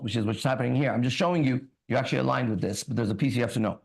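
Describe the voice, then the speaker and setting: A man hosting a ministry talk, telling a personal story in a loose, casual way and reading scripture slowly. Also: medium pitch, creaky, darkish tone. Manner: casual, tags lines with "right?" and "bro", laughs often; reads scripture slowly and deliberately. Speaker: ministry host.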